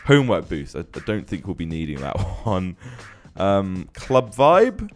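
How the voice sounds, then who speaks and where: A man's voice: deep voice, wildly swooping pitch, measured pace, darkish tone, faint music behind. A young man casually commenting on a life-simulation game as host, often laughing and exclaiming at what happens on screen. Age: young adult. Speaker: gaming channel host.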